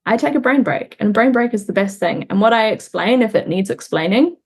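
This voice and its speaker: A woman's voice: mid-range voice, expressive, husky. A young woman from New Zealand, a guest in an interview, speaking earnestly and reflectively about her own experience. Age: young adult. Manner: reflective, earnest, pauses and restarts while recounting. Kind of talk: candid conversational interview.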